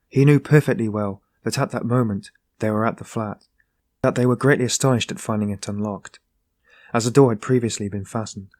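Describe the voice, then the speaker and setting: A man with a fairly low voice reads a classic novel aloud, steady and measured. The sound is dry and close, with no room around it. His pace holds even as the story turns tense. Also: no room sound. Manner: steady, measured reading that rises into voiced dialogue. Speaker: audiobook narrator. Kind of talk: scripted narration of a classic novel.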